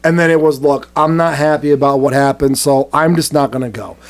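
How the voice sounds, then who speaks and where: A man with a slightly raised pitch co-hosts a loose podcast. He reads news aloud, then picks it apart with crude, sarcastic jokes. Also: fairly even intonation, brisk, clean tone. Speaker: podcast co-host. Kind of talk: casual satirical podcast banter.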